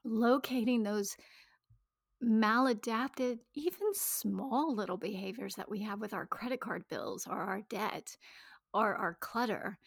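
A woman's voice: mid-range voice, gravelly, no echo, clean studio sound. Confessional woman, slipping into whispers. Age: 30s. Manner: intimate, emotional, dips into whispers. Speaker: speaker on money and shame. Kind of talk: personal talk to an audience.

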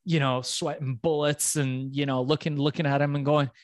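A middle-aged man, a podcast guest, telling his own story in an animated way, swearing freely and acting out the voices of people he quotes. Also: fairly high pitch, normal speed, dry recording.

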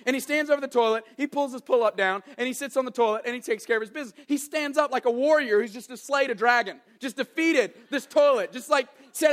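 A young adult man preaching a sermon as an animated, joking storyteller. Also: very high-pitched, fast talker, few pauses. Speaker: pastor.

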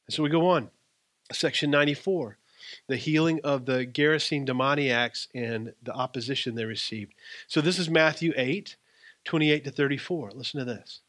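A man's voice: on the high side, moderate pace, fairly bright tone, no room sound. A man teaching the Bible and reading scripture aloud, earnest and emphatic, often repeating words as he restarts. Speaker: preacher.

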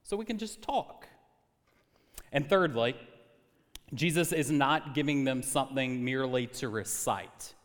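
A young man preaching a sermon as pastor, animated and conversational with touches of humor. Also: medium pitch, measured pace, pauses often. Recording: long hall reverb.

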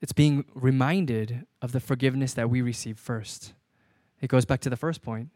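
A man's voice: medium pitch, steady tone, moderate pace, dark tone, no room sound. A man in his thirties, a pastor preaching a conversational sermon and repeating key lines for emphasis.

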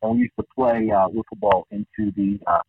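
A man in his fifties, a guest calling in, telling rambling nostalgic stories in an animated way. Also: medium pitch, fairly quick, creaky, breathy edge, no echo. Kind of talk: casual storytelling. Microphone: phone line. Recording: dull phone-call audio.

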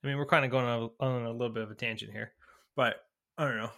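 Bright-voiced man pressing a question. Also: medium pitch, steady tone, quick pace. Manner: curious, presses the point, asks questions. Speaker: podcast co-host. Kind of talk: casual chat.

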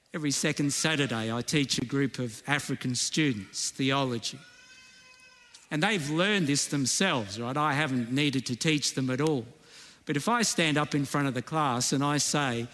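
Male pastor, casual sermon delivery, slightly high voice, church hall reverb. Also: fairly bright tone. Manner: conversational preaching, asks "right?" often.

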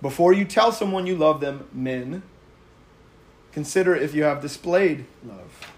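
A man's voice: on the high side, expressive, a little slow. A man giving casual sermon-style teaching, conversational and emphatic, often laughing between his points. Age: adult with a young daughter. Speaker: Bible teacher.

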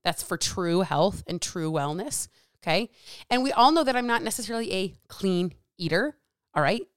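A woman's voice: medium pitch, expressive, moderate pace, smooth, no room sound, clean studio sound. A middle-aged woman hosting a solo podcast as a diet coach, talking bluntly and sarcastically with plenty of swearing. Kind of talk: casual solo podcast rant.

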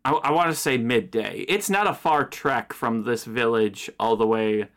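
A man narrating a tabletop game as game master, describing scenes in a relaxed way with many fillers. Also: medium pitch, moderate pace.

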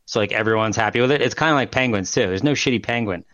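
A man's voice: lowish voice, fast talker, a bit bright, dry recording, dull audio. A man co-hosting a casual chat who rambles loosely, swears and laughs often. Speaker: podcast co-host.

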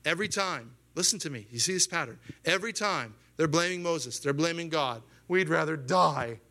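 A man in his thirties preaching a sermon as pastor, talking in an animated way, acting out quoted voices in a raised pitch and often asking his listeners questions. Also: brisk. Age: 30s. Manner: asks the congregation questions.

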